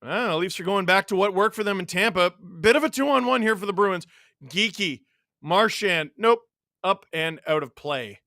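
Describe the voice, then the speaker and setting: A man from Canada hosting a live hockey watch-along, mixing excited play-by-play with reading chat messages and shouting on big plays. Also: high-pitched, moderate pace, no room sound, clean studio sound. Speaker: livestream host watching a hockey game.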